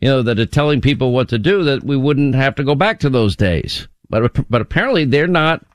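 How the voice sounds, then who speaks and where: Brisk, emphatic male radio host in a dry studio. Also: mid-range voice, lively intonation, no echo. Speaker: radio talk show host. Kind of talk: opinionated talk radio commentary. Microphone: studio microphone.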